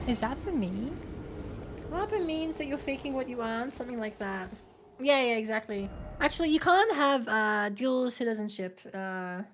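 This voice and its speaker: Giggly Australian woman streamer, higher voice, rambling chat over a noisy hiss. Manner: giggly, rambling, with restarts and fillers. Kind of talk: casual chat reading out viewer comments while gaming.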